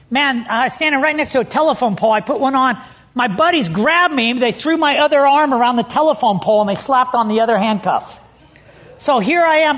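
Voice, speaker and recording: A man's voice: very high voice, a bit bright. A middle-aged man preaching a sermon as pastor, telling stories with animation and leaning hard on key words.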